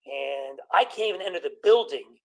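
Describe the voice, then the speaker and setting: A middle-aged man, a doctor, doing a stand-up comedy routine, telling deadpan jokes and putting on quick voices of patients. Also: on the high side, vocal fry, low-quality recording. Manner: deadpan joke delivery with put-on patient voices.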